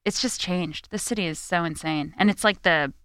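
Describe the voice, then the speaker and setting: A woman in her thirties, a guest comedian, chatting casually with animated, slangy talk. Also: on the low side, moderate pace, clean tone, no room sound, studio quality. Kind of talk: casual chat.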